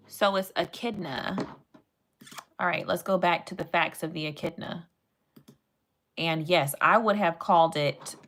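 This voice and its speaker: A woman's voice: deep voice, background noise. A young woman chatting playfully with her live-stream chat and reading animal facts aloud.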